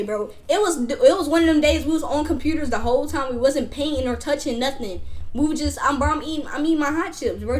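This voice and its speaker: A young woman, casually telling a school story to her stream chat in an animated, slangy way. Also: high-pitched. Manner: animated, slangy, acts out classmates.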